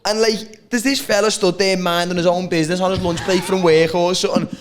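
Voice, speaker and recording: A man's voice: sits high, fairly even intonation, a little fast. A man from Liverpool, a guest comedian on a casual podcast, telling stories animatedly with laughs and swearing. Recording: clear background noise.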